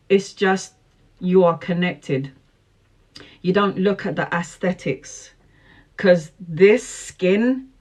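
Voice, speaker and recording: A woman in her forties talks straight to her viewers in a live chat. She reads tarot and answers their questions. Her delivery is earnest and emphatic, and she keeps coming back to motivational slogans as she drives her points home. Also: lowish voice. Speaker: tarot reader.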